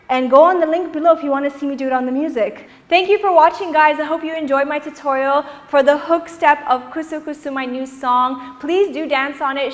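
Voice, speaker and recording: A young woman with a high, bright voice leads a dance tutorial, cheering her students on with energy and calling out the counts. Her voice rings with a long reverb, as if she were in a big, bare studio. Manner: energetic, encouraging, counts beats aloud. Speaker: dance instructor.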